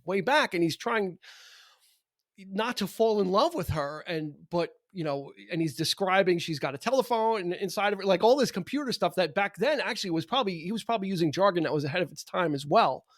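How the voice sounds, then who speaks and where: High-voiced man chatting about music. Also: expressive, fairly quick, no room sound, clean studio sound. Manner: enthusiastic, explains at length with many restarts. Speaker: podcast co-host. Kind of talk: casual music chat.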